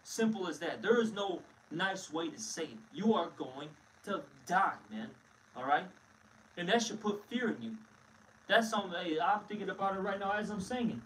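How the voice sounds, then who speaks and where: A man's voice: sits high, lively intonation, moderate pace, fairly bright tone, a little hiss or hum. A man teaching scripture in a blunt, emphatic way, often calling listeners "man", recorded from a distance.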